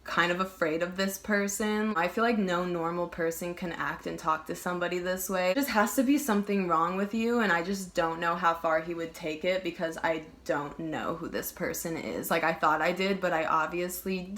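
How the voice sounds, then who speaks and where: A young woman rants through a personal story on camera, her voice sitting a little low for a woman. She talks in a heated, emphatic way, swears freely and keeps dropping "like" between phrases. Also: moderate pace, few pauses, fairly bright tone. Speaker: vlogger. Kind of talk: casual storytime monologue.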